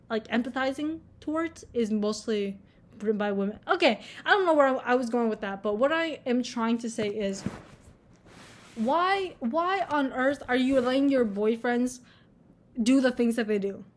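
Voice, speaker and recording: A woman's voice: fairly high pitch, normal speed. A young woman in college ranting casually to camera, blunt and full of swearing and filler words. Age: young adult. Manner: blunt, swears a lot, many filler likes. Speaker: vlogger.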